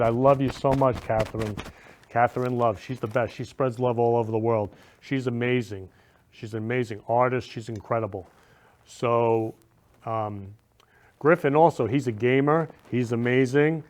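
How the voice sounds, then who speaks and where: A man's voice: medium pitch, moderate pace, a little mellow. A man hosting a casual talk show, gushing and sentimental, showering guests and viewers with affection. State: emotional, near tears. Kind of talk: casual live show chat.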